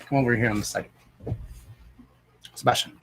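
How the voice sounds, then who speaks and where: A man's voice: mid-range voice, steady tone, normal speed, a bit bright, a little hiss or hum. A man hosting a casual live stream, talking bluntly and with plenty of swearing, and breaking off to speak to his dogs. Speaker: live-stream host and dog owner.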